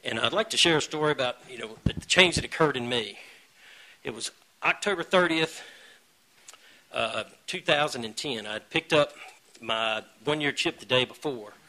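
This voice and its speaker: A man sharing his own story at a recovery meeting. He talks earnestly, pokes fun at himself and now and then breaks into loud bursts. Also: mid-range voice, moderate pace, poor audio. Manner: earnest, self-mocking humor with sudden loud bursts. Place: meeting room.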